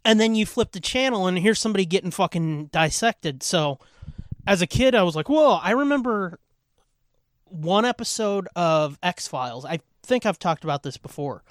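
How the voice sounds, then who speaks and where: A man's voice: a little high, fairly bright tone, dry recording. A man in his thirties hosting a live podcast chat, telling a story in a loose, rambling way and swearing freely. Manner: profane, rambling storytelling with filler words. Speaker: podcast host. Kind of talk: casual live chat on a voice call.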